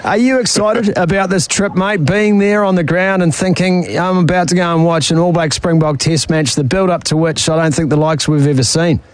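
Enthusiastic Kiwi sports host. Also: male voice, on the high side, steady tone, moderate pace, few pauses, no echo, poor audio. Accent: New Zealand. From New Zealand. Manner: enthusiastic, laughs often. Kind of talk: studio sports talk.

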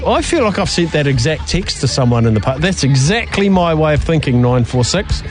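A man's voice: fairly high pitch, sing-song, brisk. A middle-aged man with a New Zealand accent hosting a radio show, chatting and reading listener texts aloud. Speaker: radio host. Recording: faint music behind.

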